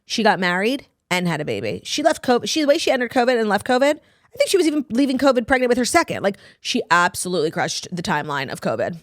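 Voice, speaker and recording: Fast-talking gossipy woman podcast host. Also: medium pitch, sing-song, dry recording, clean studio sound. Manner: chatty gossip, many "like" fillers, fast outro read. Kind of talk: casual chat.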